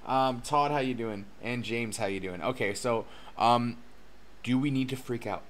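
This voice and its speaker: A man hosting a casual livestream as a cryptocurrency educator, excitable and chatty, laughing often and swearing casually. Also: mid-range voice, normal speed, slight background noise. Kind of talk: casual live-stream chat. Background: faint background music.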